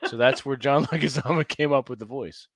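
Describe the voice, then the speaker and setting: A man's voice: mid-range voice, brisk, dry recording. A man co-hosting a casual podcast, telling stories and laughing often through crude banter. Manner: laughs often, animated storytelling. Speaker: podcast co-host.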